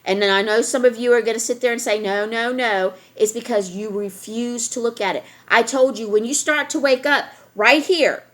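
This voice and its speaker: Woman vlogger, slightly high voice, emphatic lecturing rant to camera. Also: a little fast, hardly any pauses, a bit bright. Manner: emphatic, lecturing, repeats points. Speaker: vlogger addressing viewers.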